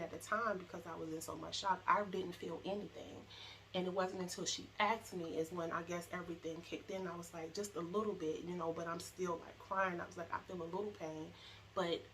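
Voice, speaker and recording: A young woman telling her own story, halting and emotional, with many fillers and restarts. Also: on the low side, bright, forceful tone, a little hiss or hum, low-quality recording. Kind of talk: personal storytelling to camera.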